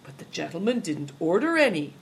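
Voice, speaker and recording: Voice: medium pitch, sing-song, brisk, vocal fry, slightly rough, exaggerated voice. A reader voicing a sly, complaining male servant who drawls plaintively in an audiobook. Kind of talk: audiobook character reading.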